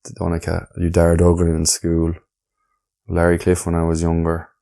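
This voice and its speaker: A man's voice: low voice, monotone, moderate pace, vocal fry, mellow. A young Irish man, a podcast guest in a laid-back casual chat, often trailing off mid-sentence. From Ireland.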